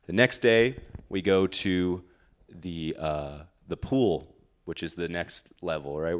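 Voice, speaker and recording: A man with a lowish voice recounts a personal story at a live storytelling night. He talks in an easy, conversational way, with dry, self-deprecating humor.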